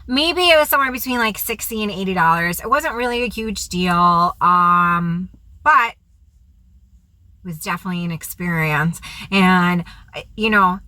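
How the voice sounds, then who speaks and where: A woman with a bright, forceful voice tells a wild story from her past, animated and slangy. She is recorded close and dry, with no room sound. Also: fairly low pitch, measured pace, no room sound. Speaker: vlogger, recovery coach. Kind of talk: storytelling vlog.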